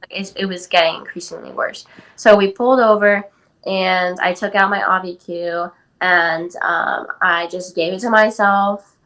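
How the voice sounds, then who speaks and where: A woman's voice: on the low side, steady tone, measured pace, fairly bright tone, poor audio. An eighteen-year-old woman from California, telling a personal story as a podcast guest in a casual way, full of "like" and "um". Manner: chatty, many "like" and "um" fillers. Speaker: guest athlete.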